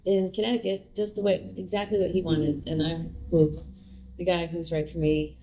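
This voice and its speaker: A woman's voice: fairly low pitch, little pitch movement, normal speed, dark tone, lo-fi sound, slight background noise. A middle-aged woman, a guest in a casual interview, telling a personal story in a chatty way, full of fillers and quoted dialogue.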